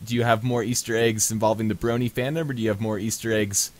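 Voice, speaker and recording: A man's voice: lowish voice, steady tone, fast. A man co-hosting an internet radio show, asking guests questions hesitantly with fillers.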